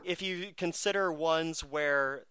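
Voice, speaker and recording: A man's voice: on the high side, slow pace, sharp tone, clean tone, no room sound. A man hosting a casual podcast chat, snarky and self-mocking as he talks. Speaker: podcast host.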